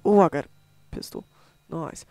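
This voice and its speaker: A man's voice: measured pace, a little mellow. Young man casually reading game text aloud. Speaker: gamer. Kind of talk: casual let's play commentary.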